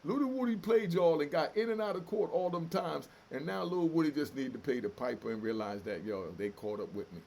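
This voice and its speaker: Gravelly, fiery man ranting. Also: fairly high pitch, brisk, hardly any pauses, darkish tone, slight background noise. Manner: fiery, emotional, profane street talk. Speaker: commentary channel host. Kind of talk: heated solo commentary.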